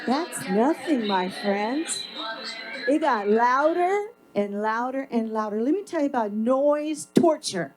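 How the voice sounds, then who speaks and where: A woman addresses a city council from the podium mic in a council chamber. Her voice sits a bit high, and she speaks slowly and deliberately. She is emphatic and sarcastic, pushing her points hard. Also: animated, soft background music, poor audio. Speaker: public commenter. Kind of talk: public comment at council meeting.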